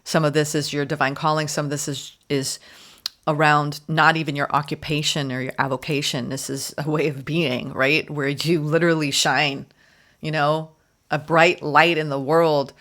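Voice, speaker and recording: A woman giving a spoken tarot reading, gushing and emphatic, often repeating words and filling pauses. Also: sits low, flat delivery, a bit bright. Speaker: tarot reader.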